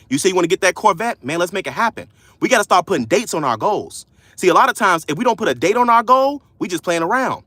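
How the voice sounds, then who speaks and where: A man coaching viewers on a livestream, loud, slangy and preachy, repeating key lines. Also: high-pitched, dry recording. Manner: casual slangy speech. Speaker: credit coach hosting a livestream. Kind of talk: motivational livestream talk.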